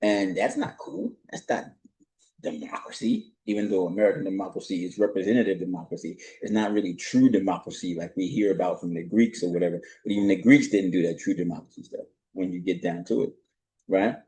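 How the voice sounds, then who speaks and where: A man's voice: low voice, steady tone, fast, mellow, slight background noise, rough recording. A man giving casual political commentary, talking conversationally and asking rhetorical questions with a frequent "right?".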